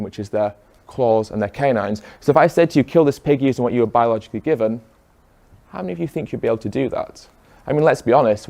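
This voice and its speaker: An earnest man addresses a live audience in a room, firing off rhetorical questions. His voice sits at an ordinary middle pitch, steady and persuasive. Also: vocal fry. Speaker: speaker.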